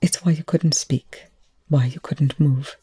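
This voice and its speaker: A reader voicing a brilliant male scientist in despair, speaking quietly and haltingly, close to tears. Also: fairly high pitch, fairly even intonation, breathy edge, no echo.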